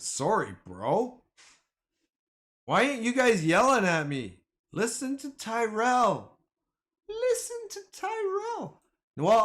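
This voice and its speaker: A man streaming live about the stock market, talking back to his viewers in excitable, slangy, casual commentary. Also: sits high.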